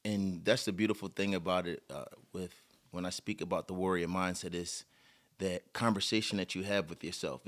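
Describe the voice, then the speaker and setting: A man co-hosting a podcast, speaking in a reflective, measured, motivational way. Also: low-pitched. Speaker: podcast co-host. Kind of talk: motivational talk.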